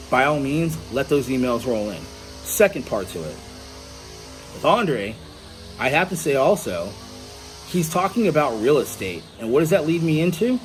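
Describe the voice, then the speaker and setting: A man giving an angry, profane monologue to camera at home, blunt and combative. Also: medium pitch. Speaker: vlogger. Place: indoors at home.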